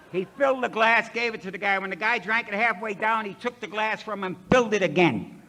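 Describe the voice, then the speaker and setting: Here the same Ohio man, middle-aged and addressing a recovery convention, sounds high and sharp and talks fairly quickly. He tells his recovery story bluntly and folksily, voicing the dialogue on his own.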